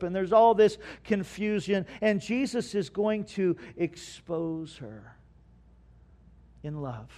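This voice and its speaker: A man preaching a sermon, reading scripture aloud and explaining it earnestly, swinging between loud stresses and hushed asides. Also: sits high. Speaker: pastor.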